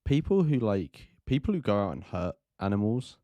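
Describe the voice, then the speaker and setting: Guy streaming a film reaction, deep mellow voice, dry sound, rambly with lots of like and um. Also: sing-song, moderate pace, no echo. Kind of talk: casual live-stream commentary.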